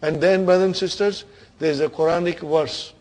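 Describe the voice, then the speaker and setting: A man teaching Quranic Arabic grammar with a South Asian English accent. He rattles off verses fast, then explains slowly in English and keeps checking in with "are you with me, brothers and sisters?". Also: fairly high pitch, steady tone, darkish tone. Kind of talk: classroom lesson on Quranic grammar.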